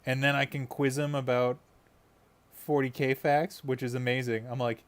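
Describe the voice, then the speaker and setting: A man's voice: mid-range voice, flat delivery, moderate pace, smooth. A man chatting casually on a live stream while he paints miniatures, rambling and laughing often.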